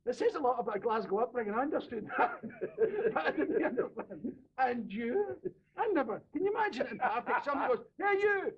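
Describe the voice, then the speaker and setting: A Glaswegian man reminiscing casually in an interview, telling animated stories and laughing often. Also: very high voice, fast talker. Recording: dull lo-fi radio recording.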